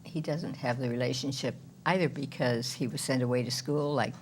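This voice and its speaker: A woman's voice: very deep voice, steady tone, a little fast, slight background noise. A woman in an interview, explaining a point at length. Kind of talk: conversational interview.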